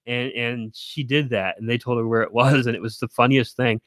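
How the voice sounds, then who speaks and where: A man's voice: medium pitch, steady tone, fairly quick, fairly bright tone, dry recording. Streamer, man, casual chat to viewers; mid voice, dry close sound, self-correcting ramble.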